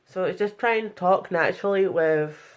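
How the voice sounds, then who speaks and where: A woman's voice: on the low side, normal speed. A young woman talking frankly in a casual vlog tutorial, chatty and blunt, with plenty of fillers. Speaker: vlogger.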